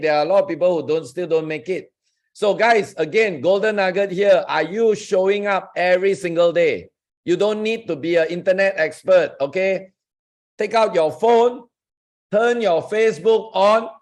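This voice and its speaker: A man hosting a Zoom session as a network marketing coach, giving an emphatic, enthusiastic motivational talk and addressing listeners directly. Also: on the high side. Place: online Zoom group call. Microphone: video call.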